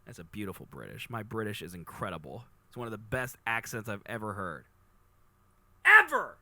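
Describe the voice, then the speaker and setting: A man in his thirties chatting playfully to his live stream audience, rambling and animated. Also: lowish voice, a little fast, dry recording. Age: 30s. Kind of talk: casual chat to live chat.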